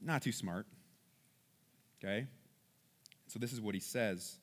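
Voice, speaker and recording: A man's voice: lowish voice, slow. A man teaching from the Bible in a conversational way. He reads passages aloud, then comments on them casually and often checks in with his listeners.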